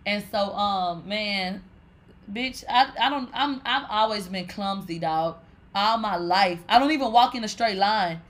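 A woman's voice: medium pitch, measured pace. A woman hosting a live stream, telling stories to viewers in a loose, rambling way, swearing constantly and calling her audience "bitch". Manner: animated, profane, swears and calls listeners "bitch" often; rambling, with many fillers like "like". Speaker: livestream host. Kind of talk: casual storytelling to viewers.

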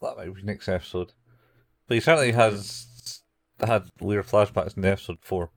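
A man's voice: lowish voice, normal speed, dry recording, studio quality. A man casually recapping anime episodes as a podcast co-host, rambling and acting out the characters' lines.

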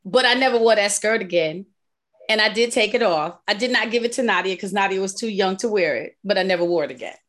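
A woman in her forties or older, hosting a podcast in casual chat, an animated storyteller who laughs often, speaking. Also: medium pitch, fast. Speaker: podcast host.

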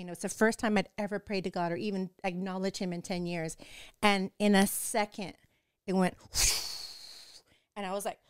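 A woman's voice: mid-range voice, clean tone, no echo, studio quality. A young woman candidly recounting a painful personal experience, emotional and swearing freely, with lots of filler words. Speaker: guest telling her story. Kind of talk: candid personal storytelling, casual chat.

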